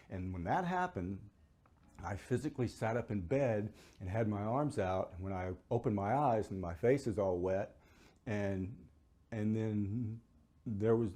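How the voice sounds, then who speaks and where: A middle-aged man giving an emotional personal account, his voice climbing high as he relives the experience. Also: warm tone. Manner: emotional, pitch rising sharply as he relives it. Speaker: near-death experiencer. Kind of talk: personal testimony.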